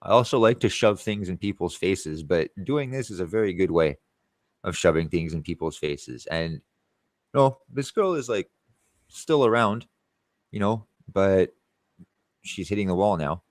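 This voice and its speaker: A man's voice: sits low, lively intonation, normal speed, no echo, clean studio sound. A man, a tree-cutting contractor, tells a rambling, boastful story in a casual vlog, swearing constantly.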